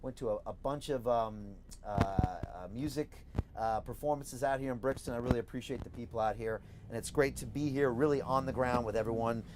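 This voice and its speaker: A middle-aged American man with a mid-range voice hosts a live Q&A from a moving campaign bus. His accent has softened after years in Britain. He speaks emphatically and upbeat, repeating his key points over a faint background hum. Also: medium pitch, brisk. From United States. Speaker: host and campaigning candidate. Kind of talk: live-stream Q&A, reading viewer questions.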